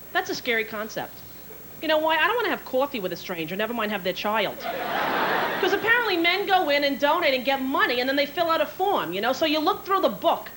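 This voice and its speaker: A woman's voice: high-pitched, rough recording. A woman in her thirties doing a stand-up set on a theater stage, brash and swearing, acting out voices. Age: 30s. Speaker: stand-up comedian. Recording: live stage show with loud crowd and noise. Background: audience laughing.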